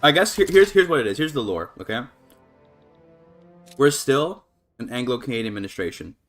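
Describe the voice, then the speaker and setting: A man's voice: mid-range voice, fairly quick, faint music behind. A man casually commentating a strategy game on a live stream, thinking aloud with many fillers and restarts, breaking into laughs. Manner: laughs often, voice jumps up when excited.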